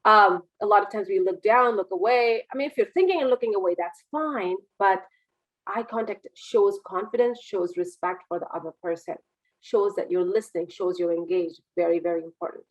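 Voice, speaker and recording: A woman speaking as a business mentor in an online webinar. Her delivery is lively and demonstrative, swinging between energetic and calm, and her voice sits mid-range for a woman. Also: mid-range voice, moderate pace, poor audio. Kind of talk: webinar talk. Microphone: video call.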